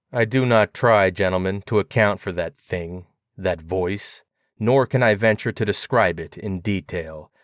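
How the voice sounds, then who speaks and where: A man reading a horror story aloud in a grave, measured narration. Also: low-pitched, a bit bright, no room sound, studio quality.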